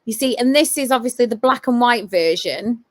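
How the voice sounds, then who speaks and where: A woman's voice: fairly high pitch, lively intonation, normal speed. Chatty woman paranormal investigator. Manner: eager, restarts and repeats phrases. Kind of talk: casual storytelling chat.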